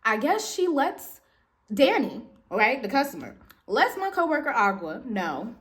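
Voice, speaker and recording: A woman vlogger tells a story in an animated, slangy way, addressing her viewers directly as y'all. Her high voice swings widely up and down as she talks. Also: a little slow. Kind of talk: storytime vlog.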